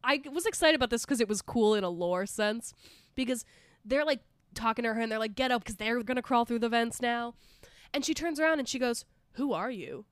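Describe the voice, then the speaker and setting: Woman co-host, casual chat, animated, high-pitched, dry close mic. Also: a little fast, smooth, no echo. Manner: animated, swears freely, acts out movie characters in bursts. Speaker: podcast co-host.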